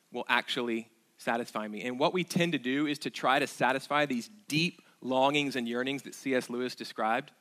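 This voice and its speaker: A man's voice: medium pitch, fairly bright tone. A man, preaching a sermon as pastor in a conversational, emphatic way, repeating key phrases.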